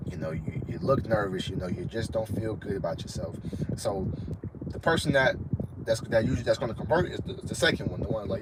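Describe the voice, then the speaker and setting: A young man from Florida gives casual advice on a live stream. His voice sits low and deep, and he leans on "bro" and repeats himself as he talks. Steady noise runs behind him. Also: brisk. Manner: casual, says "bro" constantly, repeats points. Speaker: online fitness trainer.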